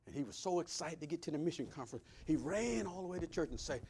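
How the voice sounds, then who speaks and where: A man preaching a sermon, swinging between loud preaching and hushed asides. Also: a little high, expressive, fast, slight background noise. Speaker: pastor.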